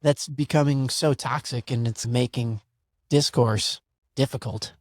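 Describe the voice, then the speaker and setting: A man's voice: medium pitch, steady tone, a little slow, a little mellow, no echo, clean studio sound. A man hosting a podcast, thinking aloud in a thoughtful, reflective way with many "like"s. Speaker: podcast host. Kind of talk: casual podcast conversation.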